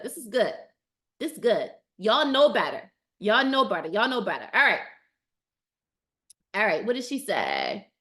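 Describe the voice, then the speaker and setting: A woman's voice: high voice, fairly bright tone. A woman dating coach hosting a casual live stream. She reads out viewer comments and answers them with emphatic enthusiasm, repeating phrases for emphasis.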